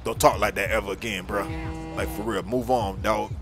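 Man voicing a gruff street man, deep, stern, slang-heavy, distant, music underneath. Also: fairly even intonation, moderate pace, close to an everyday voice. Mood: warning. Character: gruff grown man on the street, warning a kid off.

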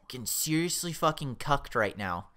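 A young let's play gamer provides casual, excitable commentary while playing a video game, swearing freely and mocking his own skill. His voice is mid-range.

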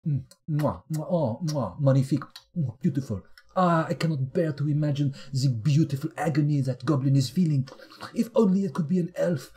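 A man's voice: fairly high pitch, moderate pace, warm tone, slightly rough. A man putting on a gloating French chef. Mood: gloating delight. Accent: mock French. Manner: theatrical, kissing fingers, relishing. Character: flamboyant male French chef savouring gore.

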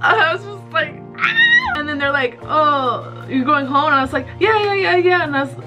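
Chatty woman vlogger, bright high voice. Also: fairly quick, over music. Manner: chatty, animated, laughs often. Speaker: YouTuber vlogger. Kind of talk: casual storytelling to camera.

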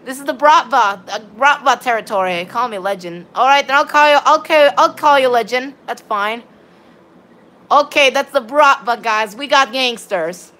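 Excitable high-voiced woman streaming games. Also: normal speed. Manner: excitable, rambling, chatting to viewers. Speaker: game streamer. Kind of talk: live gameplay commentary.

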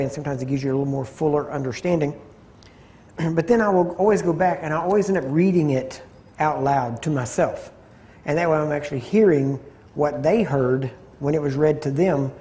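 Male Bible teacher, conversational, warm low-edged tone, slightly high pitch, throat-clearing habit. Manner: conversational, repeats phrases for emphasis, clears throat often. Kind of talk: teaching session on scripture.

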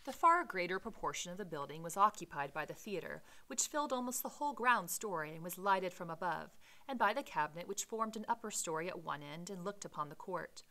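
A woman's voice: fairly low pitch, expressive, fairly quick, hardly any pauses, pushed and bright, rough recording. A woman teacher reading a classic novel aloud and voicing its dialogue with dramatic emphasis. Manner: casual explanatory asides with fillers. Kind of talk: read-aloud with commentary.

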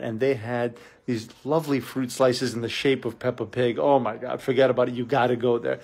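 A middle-aged man with a husky, mid-pitched voice talks straight to viewers in a casual live vlog. He works himself up like a preacher, circles back to the same phrases and throws in "dude" as he coaches on business. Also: a little fast, few pauses. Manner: energetic, preachy, repeats phrases, says "dude".

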